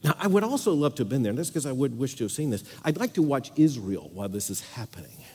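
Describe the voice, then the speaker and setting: A man preaching a sermon with strong emphasis, repeating phrases and swinging between loud declarations and quiet asides. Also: mid-range voice, big pitch swings, fast talker, husky, long reverb tail.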